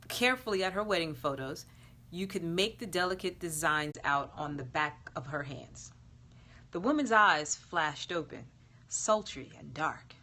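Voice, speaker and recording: A woman reading an erotic story aloud in a slow, sultry narration that sometimes drops to a whisper. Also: low-pitched, bright, forceful tone. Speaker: erotica reader. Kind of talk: scripted narration.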